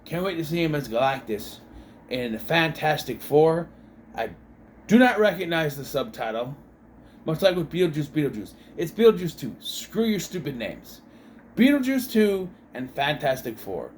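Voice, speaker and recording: A man's voice: a little high, a little hiss or hum. A man giving a rambling, joking movie review with lots of fillers and self-corrections. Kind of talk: casual film review vlog.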